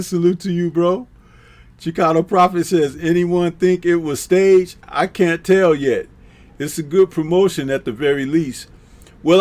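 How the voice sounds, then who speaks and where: A man hosts a live boxing talk stream in a slow, unhurried drawl. He reads out viewer comments one by one and answers them with easygoing, chuckling asides. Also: on the high side. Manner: laid-back, drawn-out, chuckling asides.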